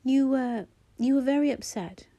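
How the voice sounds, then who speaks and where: A woman narrator voicing a gentle, caring adult son who speaks soothingly and softly. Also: sits high, normal speed, pitched above the performer's own voice, close to an everyday voice.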